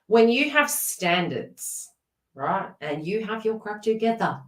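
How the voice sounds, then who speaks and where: A woman giving a live tarot reading in an animated, chatty way. She laughs often and talks directly to viewers in the chat. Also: medium pitch, takes it slowly, far from the mic. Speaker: tarot reader. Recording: echoey room, away from the mic.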